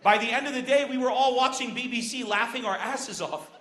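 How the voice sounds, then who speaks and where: Casting: a high, bright-voiced Lebanese comic, brash and animated, performing on an echoing outdoor stage. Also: male voice, a little fast. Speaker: stand-up comedian. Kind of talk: stand-up comedy set. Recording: echoey open-air stage with crowd.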